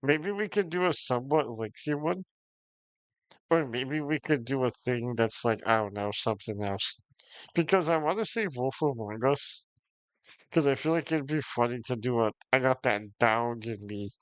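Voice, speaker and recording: A man's voice: medium pitch, normal speed, smooth, no echo. Profane, frustrated streamer guy, dry sound. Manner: profane, frustrated, with frequent short laughs. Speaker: game streamer. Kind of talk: casual ranting to stream chat.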